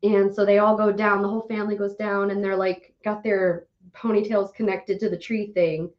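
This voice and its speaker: A young adult woman co-hosting a podcast in casual chat, animated and swearing often as she rants. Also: medium pitch, normal speed. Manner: animated, swears often, laughs while ranting. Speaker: podcast co-host. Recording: dull lo-fi audio.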